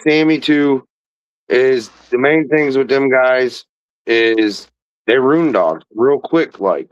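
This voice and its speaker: A man of middle pitch chats casually and drops in short, relaxed reactions. His voice is dry and close, with dull lo-fi audio. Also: slow, no room sound. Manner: laid-back, chiming in with short reactions. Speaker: podcast guest. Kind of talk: casual chat.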